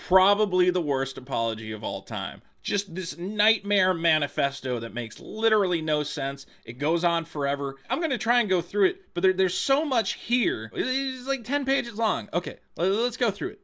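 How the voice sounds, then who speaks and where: A man's voice: on the high side, very animated, fairly quick, few pauses, bright, forceful tone. A man hosting a comedic commentary video, sarcastic and incredulous, swearing and laughing as he reads quotes aloud.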